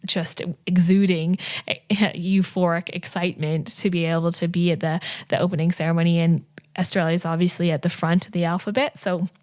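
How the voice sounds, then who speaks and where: Young woman guest, slightly low voice, chatty storyteller, lots of fillers. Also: little pitch movement, moderate pace, darkish tone. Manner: chatty, many fillers and 'like', 'you know'. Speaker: podcast guest. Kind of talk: casual interview storytelling.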